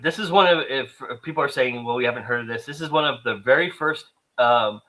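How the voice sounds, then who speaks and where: A man's voice: medium pitch, brisk, bright, forceful tone, rough recording. A man co-hosting a podcast, playful and laughing easily, stumbling over his words as he talks films. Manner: playful, laughs often, stammers. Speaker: podcast co-host. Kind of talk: casual film review chat.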